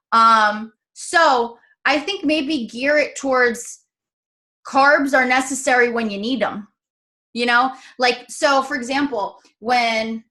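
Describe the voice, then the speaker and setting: Bright-voiced chatty woman vlogger. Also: a little high. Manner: chatty, animated storytelling with frequent fillers. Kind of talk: casual chat.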